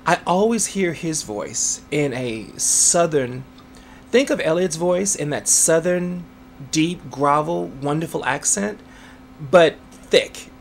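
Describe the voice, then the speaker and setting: A man's voice: a little high, expressive, takes it slowly, gravelly, a little hiss or hum. A man, an author, answering interview questions in a chatty way, laughing often and using many fillers.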